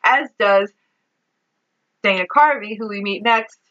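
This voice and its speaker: A woman's voice: mid-range voice, measured pace, fairly bright tone, muffled recording. A woman co-hosting a podcast, recapping a movie in casual chat, exasperated, swearing and laughing as she goes. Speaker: podcast co-host.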